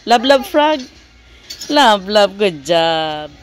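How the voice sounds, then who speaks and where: A young woman playfully teaching her toddler animal names, praising slowly and imitating animal sounds at home. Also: mid-range voice, very animated, soft background music. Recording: noisy home recording.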